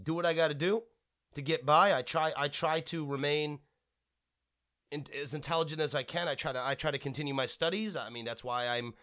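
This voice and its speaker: Profane, rambling man with a fairly high voice. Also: fairly quick, sharp tone. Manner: profane, blunt, rambling with frequent restarts. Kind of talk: ranting monologue.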